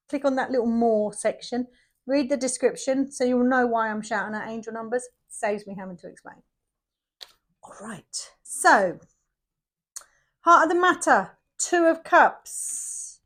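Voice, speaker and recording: A middle-aged woman, giving a casual, chatty tarot reading full of jokes and exclamations. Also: a little high. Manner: chatty, jokey, frequent exclamations. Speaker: tarot reader.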